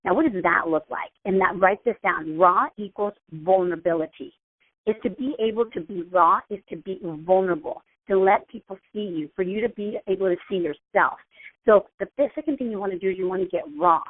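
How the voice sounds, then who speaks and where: A woman host with a medium-pitched voice talks a little fast in a casual, chatty motivational talk, often repeating herself. She's heard over a phone call, so the sound is tinny like a phone line.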